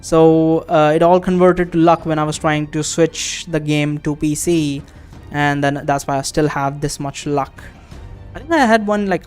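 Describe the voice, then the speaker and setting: A man's voice: a little high, smooth. A man playing a text adventure, reading its passages aloud and chatting casually between them, swearing offhandedly as he thinks aloud. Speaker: game streamer. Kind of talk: let's-play commentary, reading game text aloud.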